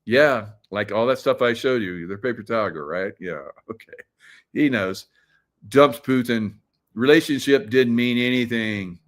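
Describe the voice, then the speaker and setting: A man's voice: medium pitch, unhurried. A middle-aged man hosting his own show, giving rambling, mocking commentary full of fillers and laughs. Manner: rambling, filler-heavy, laughs and mocks often. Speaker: show host. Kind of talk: casual commentary.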